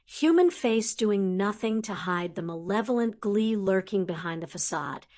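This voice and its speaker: A woman narrating a fantasy audiobook in an even storytelling manner. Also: mid-range voice. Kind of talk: scripted fiction narration.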